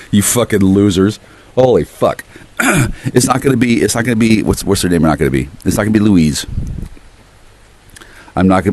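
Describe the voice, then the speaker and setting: A man with a fairly low voice rambles into the camera outdoors on his porch. His pitch leaps and drops all over the place as he curses and jumps from one grievance to the next, loud one moment and murmuring the next. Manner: profane, erratic, shifts between ranting and murmuring.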